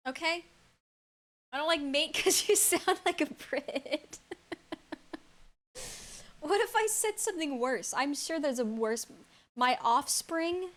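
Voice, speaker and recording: A young adult woman streamer chatting casually with her viewers, incredulous and stammering, quick to laugh. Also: high voice, fairly bright tone.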